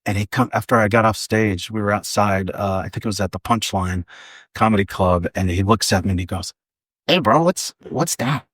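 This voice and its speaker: A man's voice: lowish voice, level tone, a little fast, fairly bright tone, no echo, clean studio sound. A man in his forties, a guest comedian, telling casual stories in a podcast interview, rambling with lots of fillers and restarts.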